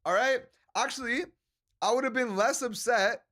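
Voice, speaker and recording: Tipsy, joking male streamer, high voice. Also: normal speed, bright, forceful tone. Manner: loose, joking, profane, slips into Spanish words. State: a little drunk. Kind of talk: casual drunk stream chat reading chat aloud.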